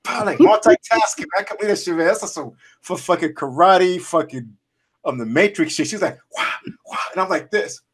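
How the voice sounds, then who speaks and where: Casual man, animated storyteller, laughs a lot, slightly high-pitched. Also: brisk, breathy edge. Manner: animated storyteller, laughs often, swears freely. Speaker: podcast co-host. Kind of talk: casual chat.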